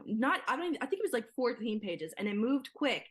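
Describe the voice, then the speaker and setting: Chatty woman with a higher voice. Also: big pitch swings. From Nigeria. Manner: chatty, quick, many "like" and "yeah" fillers. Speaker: guest, filmmaker. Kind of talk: casual interview chat.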